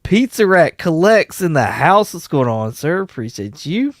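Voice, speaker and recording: A man's voice: a little high, sing-song, a little slow, no echo, clean studio sound. A man hosting a casual livestream, greeting chatters by name and laughing often. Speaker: livestream host.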